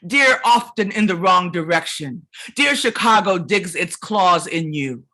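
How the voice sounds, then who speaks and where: Woman, poet, performed poetry reading, unhurried, dramatic rhythm, forceful edge. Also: fairly low pitch, animated. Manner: dramatic, rhythmic delivery swinging between forceful and hushed. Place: literary event venue.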